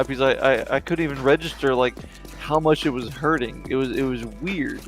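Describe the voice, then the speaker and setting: Young guy streamer, loose rambling chat, mid-pitched, quiet music behind. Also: steady tone, fairly quick. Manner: rambling, lots of fillers and restarts. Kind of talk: casual chat over a game stream.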